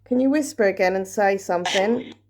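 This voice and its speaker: A woman vlogging a paranormal session at home, talking quietly and nervously as she calls out questions to spirits. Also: medium pitch, brisk. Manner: hushed, nervous, asking questions into the dark. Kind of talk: ghost-hunting session vlog.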